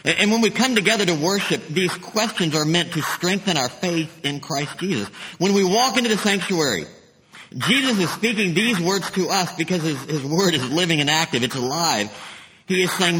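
A man preaching a sermon as pastor, emphatic, dropping to a hush to stress his points. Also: high voice, animated, moderate pace. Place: church sanctuary. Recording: long reverb of a sanctuary.

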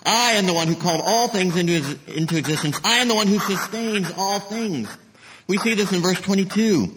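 A man preaching a sermon as pastor, emphatic, dropping to a hush to stress his points. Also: fairly high pitch, a little hiss or hum. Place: church sanctuary. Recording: long reverb of a sanctuary.

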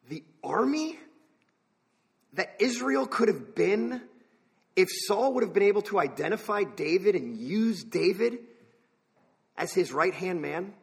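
A man's voice: high-pitched, fairly bright tone, breathy edge, long reverb tail. A man preaching a sermon in a conversational way, asking the listeners questions. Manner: conversational, asks the listeners questions, wanders into side thoughts.

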